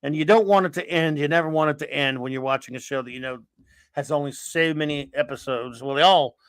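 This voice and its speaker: A man's voice: a little high, brisk, a bit bright, clear, resonant tone, no room sound. A man hosting a casual live stream, rambling and sarcastic as he greets viewers and rants. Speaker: host of a live stream chat.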